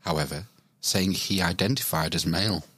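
A man's voice: low voice, normal speed, fairly bright tone, no echo. A man hosting a podcast, reading out news stories and bantering playfully. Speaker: podcast host.

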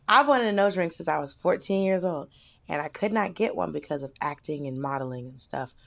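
A woman co-hosting a podcast in casual chat, telling stories in an animated, blunt and expressive way. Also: sits low, a little fast, gravelly. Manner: animated storyteller, blunt and expressive, swings between loud and soft. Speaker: podcast co-host.

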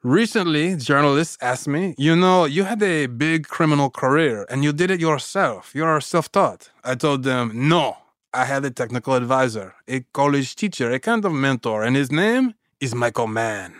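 A man's voice: medium pitch, animated, moderate pace, a bit bright, no room sound, clean studio sound, lightly acted. A man putting on a boastful French bank robber. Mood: earnest, boastful. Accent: French, put on. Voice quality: mock French accent. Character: French male bank robber, self-assured fan. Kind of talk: quoting in a put-on accent.

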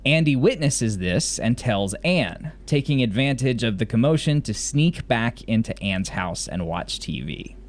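This medium-pitched man speaks unhurriedly with lively intonation and few pauses. A podcast co-host from Mississippi whose Southern accent has largely given way to general American, he recaps a TV episode casually, rambling with enthusiasm.

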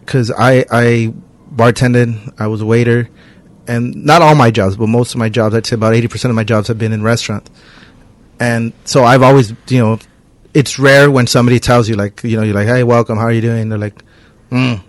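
A man's voice: medium pitch, steady tone, brisk, dry recording. Young guy guesting on a podcast, chill, swears a lot, super dry sound. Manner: laid-back, swears casually. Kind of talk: casual podcast conversation.

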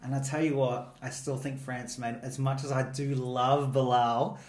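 A man's voice: mid-range voice, little pitch movement, moderate pace, darkish tone. A man co-hosting a podcast, talking in an enthusiastic, gushing way and laughing often. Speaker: podcast co-host. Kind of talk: casual chat. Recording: roomy echoey room.

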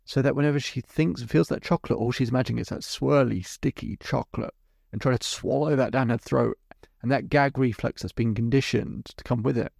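A middle-aged man hosts his podcast, walking through a client session step by step in a storytelling monologue. His voice has a gravelly edge, and he is recorded close and dry, with no room sound. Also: mid-range voice, darkish tone, no room sound. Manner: recounts a client session step by step, then explains. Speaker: podcast host and hypnotherapist.

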